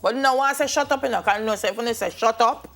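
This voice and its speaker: A woman's voice: a little high, fast talker, faint music behind. A young Jamaican woman co-hosting a morning TV show in a playful, casual way that slips into patois. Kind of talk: casual chat. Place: TV studio.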